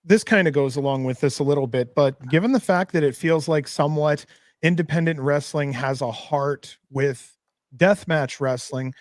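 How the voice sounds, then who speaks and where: A man's voice: fairly high pitch, normal speed, no echo, clean studio sound. A man chatting on a podcast, asking long rambling questions and laughing easily. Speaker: podcast guest. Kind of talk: casual podcast chat.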